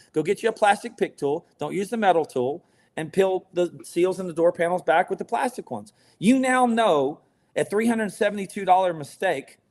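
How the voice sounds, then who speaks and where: Male podcast guest, business owner type, pitched a bit high, blunt and profane, talks with force. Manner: blunt, emphatic, swears freely. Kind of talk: casual podcast interview.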